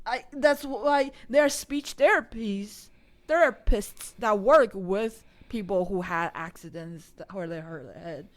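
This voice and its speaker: A woman's voice: mid-range voice, a little slow. A young woman co-hosting a casual podcast, talking in a hesitant way and stopping to search for words. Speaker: podcast co-host. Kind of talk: casual chat.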